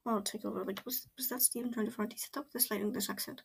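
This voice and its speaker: Excitable rambling woman reacting. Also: mid-range voice, racing, creaky, a little hiss or hum. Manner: excitable, rambling, full of "like" and exclamations. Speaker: reaction video host. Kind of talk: casual reaction commentary.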